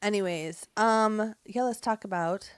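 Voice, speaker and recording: A woman's voice: mid-range voice, unhurried, smooth, no room sound. A woman co-hosting a podcast in casual chat, laughing often and firing back playful comebacks. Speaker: podcast co-host.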